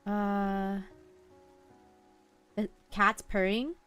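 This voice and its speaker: Young female streamer, gentle low-key delivery, mid-pitched, soft music bed behind. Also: flat delivery, extremely slow, clean tone. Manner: soft-spoken, mumbling, drifting thoughts. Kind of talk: relaxed live-stream chat. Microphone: headphones half off, desk mic.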